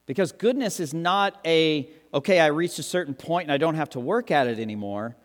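Animated pastor preaching in a reverberant hall. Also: male voice, brisk. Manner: animated, joking, acts out quotes with big pitch jumps. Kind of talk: sermon. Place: church hall with long reverb. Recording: reverberant hall, live sermon.

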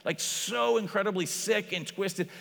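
A man preaching a sermon as pastor, in a conversational style full of "like", acting out quoted voices with lively shifts. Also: sits high, unhurried, creaky. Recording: long hall reverb.

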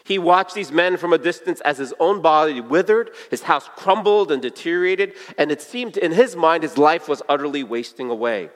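A man with a fairly high voice delivers a sermon in an earnest, storytelling way. He slows down and lowers his voice to a hush on the key points. His words ring out with the long reverb of a big hall. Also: animated. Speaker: pastor.

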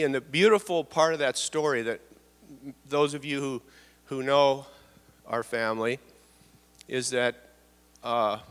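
Middle-aged man, mid-pitch, earnest halting testimony speaker; long hall reverb. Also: fairly bright tone. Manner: earnest, halting, repeats words, voice drops low at times. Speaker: church speaker sharing testimony. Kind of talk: personal testimony in church. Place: church hall.

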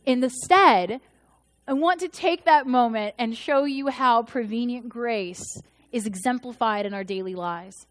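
A woman's voice: on the high side, a little slow. Woman pastor preaching with acted-out asides. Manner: storytelling, acts out quoted voices with shifts in loudness. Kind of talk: sermon.

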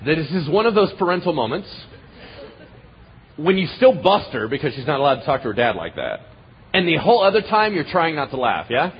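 A man pastor preaching a sermon in a conversational way, swinging from loud bursts to hushed asides, on a dull lo-fi recording. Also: fairly high pitch, big pitch swings, brisk, a little hiss or hum.

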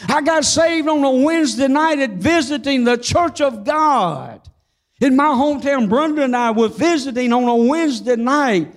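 An older man preaching with a strikingly high voice. He tells his testimony in a folksy, humorous way and slows to a fervent crawl on the words he wants to land. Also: animated. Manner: fervent, slows down on key phrases. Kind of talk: sermon with personal testimony.

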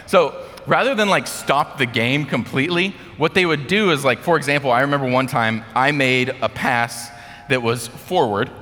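A man's voice: medium pitch, normal speed, bright, forceful tone, big-room sound. An American man giving a casual sermon, telling a story in a chatty way with lots of fillers. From United States. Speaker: speaker.

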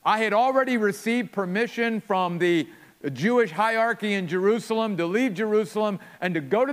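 A man's voice: high-pitched, a bit bright, long reverb tail, voice pushed up. A man preaching a sermon voices the apostle Paul urgently retelling his conversion.

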